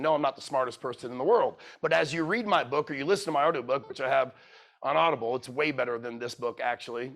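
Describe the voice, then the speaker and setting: Speaking in a slightly high voice, this man delivers a motivational keynote before a live crowd, quizzing them as he goes. He curses openly, talks bluntly, and alternates between forceful exhortation and hushed, heartfelt stories.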